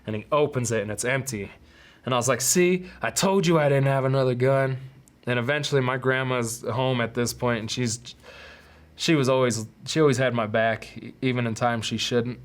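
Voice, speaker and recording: A young man hosting a podcast, telling a personal story candidly, with swearing and loud acted-out quotes. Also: mid-range voice, fairly even intonation, normal speed. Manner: candid, profane, acts out quotes in raised voices. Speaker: podcast host.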